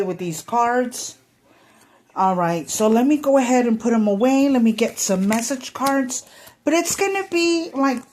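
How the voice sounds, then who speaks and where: Female tarot reader, unhurried, chatty and informal, speaking directly to viewers. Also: mid-range voice, darkish tone. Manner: chatty, many fillers, acts out quoted thoughts. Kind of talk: casual tarot reading to camera.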